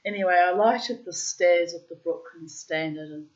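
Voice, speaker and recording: Speaking at normal speed over dull audio, a fifty-something woman vlogger in her late fifties rambles casually through a story. Her tone is cheeky and self-deprecating, with frequent laughter and squealing high-pitched outbursts.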